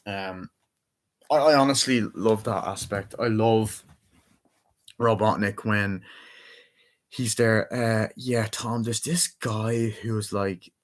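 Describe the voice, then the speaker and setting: A man's voice: lowish voice, steady tone, takes it slowly, pauses often. A young man casually reviewing a movie, rambling with many fillers and swear words as he eagerly retells scenes. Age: young adult.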